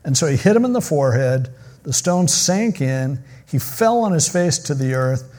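A man's voice: a little high, lively intonation, normal speed, a little mellow. Joking man preaching a sermon. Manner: casual, joking storyteller who acts out quotes. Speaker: pastor. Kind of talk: sermon retelling a Bible story.

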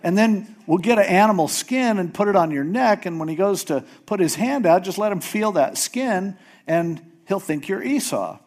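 A man's voice: high voice, expressive, normal speed, a little mellow, voice pushed up. A man doing a scheming, bossy mother. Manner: confident, conspiratorial.

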